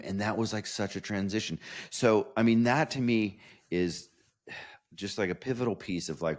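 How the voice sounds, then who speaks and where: A man's voice: sits low, darkish tone. A man hosting a podcast interview, talking enthusiastically and effusively, often restarting his phrases. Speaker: podcast host.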